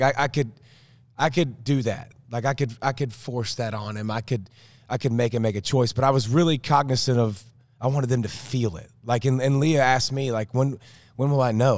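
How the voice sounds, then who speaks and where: Male co-host, casual rambling chat, lots of restarts, mid pitch, dry close recording. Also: dry recording. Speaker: podcast co-host.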